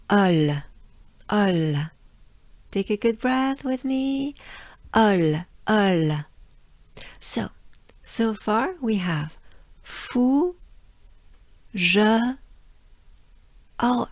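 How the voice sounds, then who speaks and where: A French woman with a French accent and a tired voice, leading a pronunciation lesson and repeating sounds slowly. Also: mid-range voice, dry recording. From France. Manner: drills sounds slowly with repetition. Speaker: pronunciation coach.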